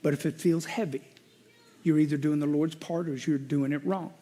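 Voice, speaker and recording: A middle-aged male pastor preaching a sermon, telling a personal story and shifting between loud venting and quiet reflection. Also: on the high side, steady tone, normal speed.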